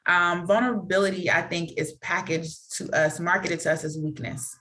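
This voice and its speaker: This woman speaks with a slightly low voice as a podcast guest, talking candidly about her own experience. She leans on fillers like "like" and "you know," and her delivery is earnest and reflective. She breaks into quick, animated impressions of other people as she tells stories. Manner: animated storytelling with quick acted-out quotes.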